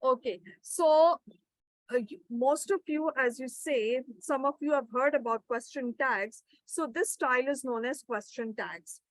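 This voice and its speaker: A woman's voice: high voice, unhurried, dry recording, low-quality recording. A woman teaching an interactive online grammar session. She reads out participants' answers and praises them. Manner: encouraging, reads out participants' replies. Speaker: webinar trainer.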